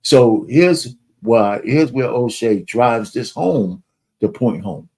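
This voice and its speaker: A man's voice: mid-range voice, animated, slow, a little mellow, breathy edge. A man hosting a political podcast, commenting bluntly and emphatically between played clips. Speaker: podcast host.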